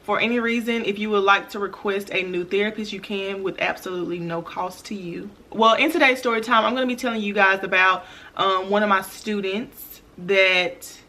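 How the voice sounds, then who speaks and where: Young woman host of a storytime vlog; bright, forward voice, casual slang, talks directly to viewers. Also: mid-range voice, steady tone, normal speed. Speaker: vlogger and former teacher.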